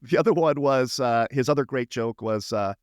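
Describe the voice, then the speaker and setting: A man's voice: medium pitch, clean tone, dry recording. Podcast host guy, eager and chatty, dry close mic sound. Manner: excitable, quick to react and laugh. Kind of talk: casual chat. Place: podcast studio.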